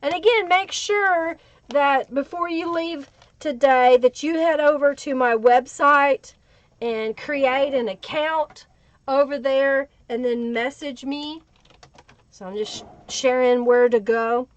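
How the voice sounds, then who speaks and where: Speaking slowly in a high-pitched voice, a woman hosts a live crafting tutorial, chatting away and greeting people in the chat by name. The recording is dry, with the dull, lo-fi quality of a livestream.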